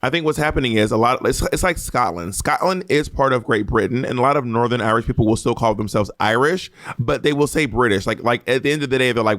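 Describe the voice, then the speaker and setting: A man's voice: mid-range voice, quick pace, few pauses, fairly bright tone, no room sound. Sassy teasing man, dry sound. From Columbus, Georgia. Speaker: podcast co-host. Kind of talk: casual chat.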